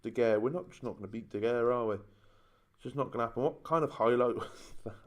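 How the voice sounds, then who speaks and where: A man's voice: medium pitch, fairly quick. Exasperated man moaning over a game. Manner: moaning, exasperated running commentary. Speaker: gaming YouTuber. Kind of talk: casual let's-play commentary.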